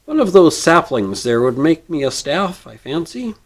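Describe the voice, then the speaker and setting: A man voicing a slim, refined young male dandy who speaks gently in a storybook reading. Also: fairly high pitch, big pitch swings, normal speed, voice pushed up. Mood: weary.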